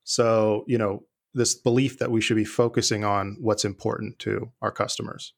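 A man being interviewed, talking in a relaxed, thoughtful way with many fillers and restarts. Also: on the low side, normal speed, gravelly. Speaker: guest, former IT leader. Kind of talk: conversational interview.

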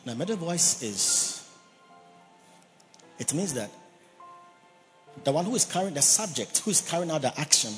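A man's voice: on the high side, big pitch swings, moderate pace, pauses often, faint music behind. A man preaching a sermon, emphatic, who repeats key words and has the congregation say phrases after him. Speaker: pastor. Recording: long reverb of a large hall.

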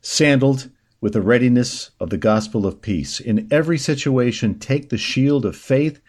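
Male talk host, mid-pitch, reads the news and jumps in with sarcastic, indignant asides. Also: normal speed, darkish tone. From upstate New York. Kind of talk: opinionated news commentary.

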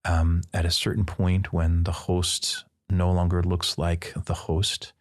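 Man, priest, very low voice, casual storytelling, playful, acts out dialogue. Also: little pitch movement, slow pace, darkish tone. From Midwestern United States. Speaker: priest guest.

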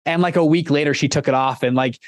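Man, young adult, podcast guest, casual storytelling, rambling with restarts, slightly high voice, dry close mic. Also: fast talker, no echo.

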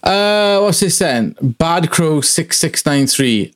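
A man's voice: a little high, animated, takes it slowly. A British man co-hosting a tattoo talk show, joking around and swearing freely. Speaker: podcast co-host, tattoo artist. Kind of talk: casual chat.

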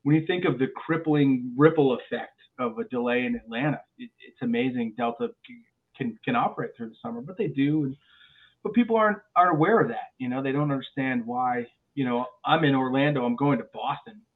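Guy pilot chatting on a podcast, animated, keeps repeating words, sounds like a tinny phone line. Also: medium pitch, fairly quick. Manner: animated storyteller with frequent restarts and repeated words. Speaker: airline pilot guest. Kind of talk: podcast interview chat.

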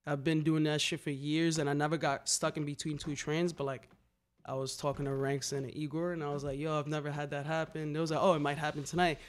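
A man's voice: on the high side, a little fast. A man telling wild stories in casual chat, swearing often and acting out what people said. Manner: animated, swearing, slangy, acts out quotes. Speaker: graffiti writer telling stories. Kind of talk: casual storytelling.

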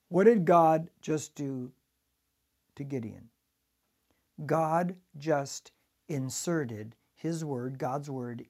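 A male pastor preaching a sermon, telling the story dramatically and swinging from loud to hushed. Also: fairly high pitch, sing-song, takes it slowly, breathy edge.

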